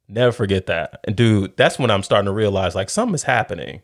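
A middle-aged man telling a personal story in a casual chat, animated and laughing often. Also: on the low side, fast talker, hardly any pauses, dry recording, studio quality.

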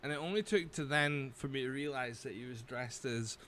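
A man's voice: medium pitch, a little fast, pushed and bright, a little hiss or hum. A man, a podcast co-host telling stories in casual chat, laughing often and swearing freely.

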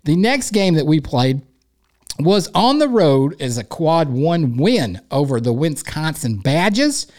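A man's voice: on the high side, very animated, a little slow, a little mellow. Rambling, jokey East Tennessee man hosting a podcast. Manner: rambling, jokey, self-deprecating. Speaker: podcast host. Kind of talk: casual sports podcast monologue.

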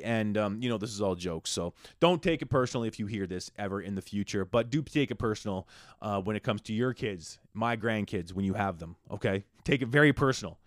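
A man, hosting a casual solo podcast and ranting profanely, swinging between loud outbursts and hushed asides. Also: on the low side, expressive, fairly quick, no echo, clean studio sound. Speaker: podcast host.

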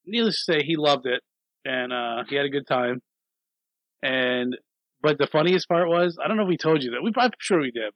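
A man co-hosting a podcast, telling travel stories in a casual, animated way, with frequent laughs and swearing. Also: fairly high pitch, moderate pace, dry recording, lo-fi sound. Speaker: podcast co-host. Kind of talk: casual chat.

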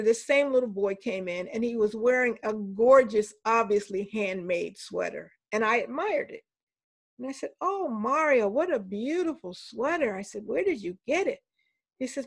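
An older woman with a slightly high voice tells stories from her teaching life in a relaxed interview. She is animated and slips into the voices of children and teachers as she goes. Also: husky. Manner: animated anecdotes, voices the people she quotes. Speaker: professor and interview guest. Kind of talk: storytelling in a conversational interview.

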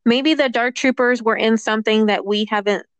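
A woman's voice: fairly high pitch, normal speed, smooth, no room sound. A woman chatting as a podcast co-host over a speakerphone call, easygoing and musing, laughing often. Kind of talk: casual fan chat.

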